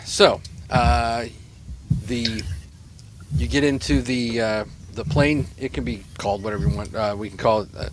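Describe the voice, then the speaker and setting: A man runs a tabletop game as its game master. He talks in a rambling, hesitant way full of fillers. His pitch is ordinary, and a faint hiss of noise sits under his voice. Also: fairly even intonation, moderate pace.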